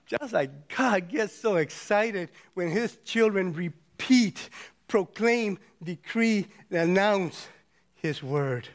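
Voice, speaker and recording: Older male preacher, high voice, slow and deliberate delivery; builds from hushed emphasis to excited shouting. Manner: repetitive, rhythmic preaching cadence. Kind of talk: sermon.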